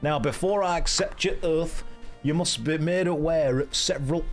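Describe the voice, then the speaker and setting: A brusque, commanding naval officer from a video game barks out orders in a raised, slightly higher voice, as a man puts him on. His accent wanders from one dialect to another as he goes. Faint game music plays underneath. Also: normal speed, close to an everyday voice. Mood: formal, commanding. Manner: accent drifts between dialects.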